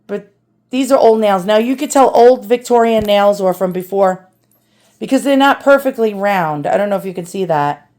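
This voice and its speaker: A woman hosts a casual restoration vlog, cleaning an antique at home and chatting to viewers in a New York accent with plenty of self-deprecation. Her medium-pitched, darkish voice has lively intonation and a moderate pace.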